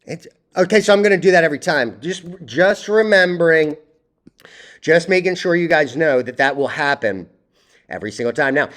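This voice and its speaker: A man's voice: a little high, animated, moderate pace, fairly bright tone. A young man hosting his own stock video, talking bluntly and swearing, rambling through charts with many restarts. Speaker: stock market video host. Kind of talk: ranting stock chart commentary.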